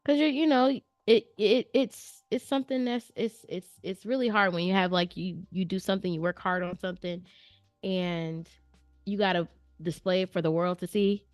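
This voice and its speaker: A woman hosts a live stream reviewing viewer artwork, chatting with her audience in a casual, playful, slangy and direct way. Her medium-pitched, darkish voice is fairly even in intonation and normal in speed, recorded dry with clean studio sound over faint background music.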